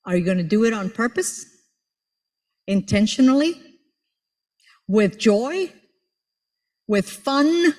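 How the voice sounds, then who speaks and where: A woman's voice: on the high side, sing-song, takes it slowly, pauses often, darkish tone. A woman in her sixties giving a playful, teasing motivational speech to an audience, repeating words for emphasis. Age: 60s. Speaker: conference speaker. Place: large auditorium. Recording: long hall reverb in an auditorium.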